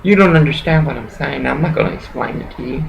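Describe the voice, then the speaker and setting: A woman's voice: rumbling low, fast talker, gravelly, highs cut off, slight background noise. A woman talking to camera in a rambling, agitated, emotional monologue, swearing often and jumping from one thought to the next.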